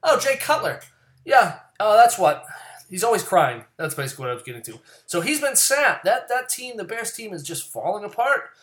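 A man casually giving his fantasy football picks in a rambling, profane rant that swings from loud and worked up to low muttering. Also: big pitch swings, normal speed. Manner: profane, rambling and ranting, swears often; gets loud and worked up, then drops back to low mutters.

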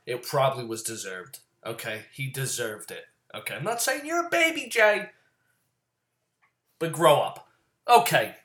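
A man casually giving his fantasy football picks in a rambling, profane rant that swings from loud and worked up to low muttering. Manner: profane, rambling and ranting, swears often; gets loud and worked up, then drops back to low mutters.

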